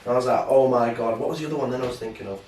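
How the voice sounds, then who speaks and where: Talking very fast in a medium-pitched voice, a young man co-hosts a podcast, trading stories in a slangy, swear-filled, animated style. It's casual chat, recorded in a roomy space with the mic set at a distance.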